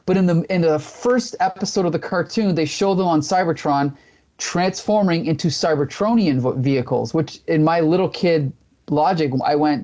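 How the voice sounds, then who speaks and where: A man's voice: fairly high pitch, moderate pace, darkish tone. A man co-hosting a casual comics discussion, rambling and thinking aloud as he goes. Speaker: podcast co-host. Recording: dull lo-fi audio.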